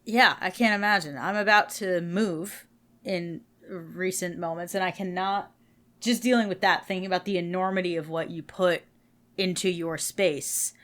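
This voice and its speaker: A woman co-hosting a podcast in casual chat, chatty and self-deprecating with quick asides, tired and yawning late in the week. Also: fairly low pitch, fairly even intonation, a bit bright. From New Jersey. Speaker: podcast co-host.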